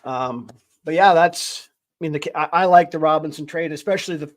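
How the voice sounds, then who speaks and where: A man with a slightly higher voice hosts a casual sports talk show. He rambles and thinks aloud, picking his way through each point before landing on it. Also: brisk. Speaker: podcast host.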